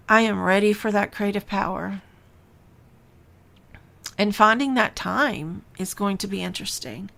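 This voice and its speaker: A woman hosting a spiritual podcast, speaking slowly and thoughtfully. Her voice has a gravelly, creaky edge at a middle pitch. She muses aloud in a relaxed, personal way. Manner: unhurried, musing, with sighs and soft laughs. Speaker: podcast host and spiritual teacher. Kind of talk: reflective spiritual podcast talk.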